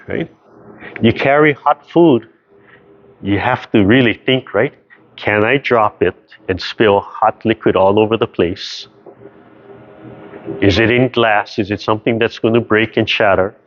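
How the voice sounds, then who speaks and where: A man's voice: mid-range voice, fairly even intonation, measured pace, long pauses. Man teaching tai chi over a video call. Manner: explanatory, keeps checking with "right?". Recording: dull lo-fi video call audio.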